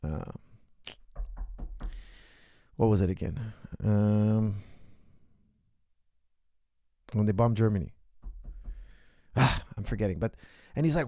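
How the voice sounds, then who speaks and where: A man's voice: fairly low pitch, animated, unhurried, pauses often, warm tone, no echo, studio quality. A man hosting a show as a coach, giving casual reaction commentary in short, repeated bursts. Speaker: martial arts coach and show host.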